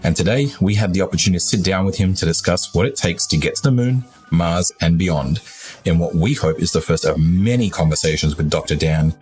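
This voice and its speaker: A man's voice: low voice, a little fast, darkish tone, husky. A man reading a scripted podcast introduction in an upbeat, announcer-like way. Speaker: podcast host. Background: music.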